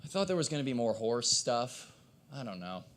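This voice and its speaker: A man doing a stand-up set at an open mic, with a hoarse, cracking voice and a rambling, self-deprecating delivery. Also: mid-range voice, very animated, normal speed, fairly bright tone. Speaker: stand-up comedian. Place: live open mic in a coffee shop.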